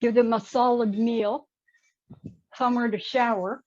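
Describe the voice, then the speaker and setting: A woman's voice: fairly high pitch, steady tone, unhurried, no echo, muffled recording. A woman speaking bluntly and outspokenly on a casual group call.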